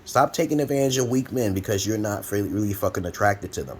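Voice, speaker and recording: A man in his forties from Brooklyn, New York, delivers a blunt, profane, preachy advice monologue at home, rambling as he goes. He's an advice vlogger with a lowish, animated voice, a quick pace and a breathy edge. A fan runs in the background of the room.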